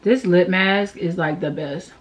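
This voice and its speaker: A woman's voice: lowish voice, a little slow, a little hiss or hum. Chatty woman doing a makeup tutorial. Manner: rambling, self-deprecating, laughs and sighs often; slangy and playful. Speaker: beauty vlogger.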